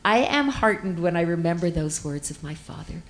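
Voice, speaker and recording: A middle-aged woman giving an earnest, measured speech on a conference panel, stressing her words with feeling. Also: on the low side, lively intonation, poor audio. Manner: earnest, measured, emphatic speaking.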